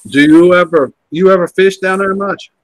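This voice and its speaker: A man's voice: high voice, moderate pace. A man chatting in a laid-back, folksy way as a guest. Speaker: guest in the chat. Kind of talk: casual chat.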